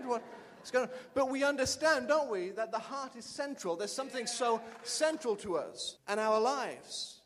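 High-voiced preaching man in a hall. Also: lively intonation, brisk, few pauses, fairly bright tone, slight background noise. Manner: emphatic, repeats lines for the congregation. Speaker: pastor. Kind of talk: sermon. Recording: long reverb of a large hall.

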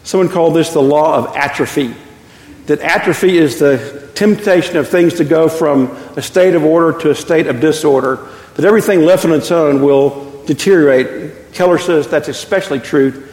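Preaching in an echoey church sanctuary with long reverb, a fifty-something pastor from Texas talks at normal speed in a darkish voice on the high side. He weaves in stories and chuckles at his own humor.

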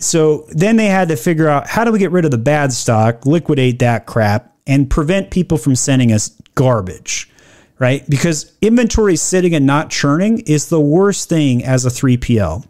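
Blunt, sarcastic man with a slightly high voice. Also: darkish tone. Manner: reads quoted policy text slowly, then riffs. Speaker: e-commerce commentator. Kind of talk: opinionated business commentary.

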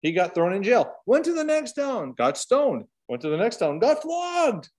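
A man's voice: high-pitched, huge pitch swings, moderate pace, a little mellow. A man with a Canadian accent teaching a casual Bible study, talking conversationally with rhetorical questions and tangents.

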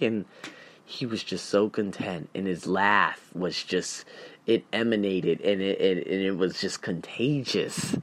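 A man hosting a solo podcast, talking in an emphatic, animated way that swings between loud bursts and quiet reflection. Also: deep voice, unhurried. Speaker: podcast host.

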